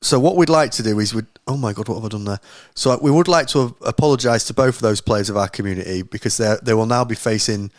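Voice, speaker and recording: A man's voice: on the low side, fast talker, few pauses, no echo, clean studio sound. Man, late thirties, podcast co-host, rambling casual storyteller, self-mocking, swears freely. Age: late 30s.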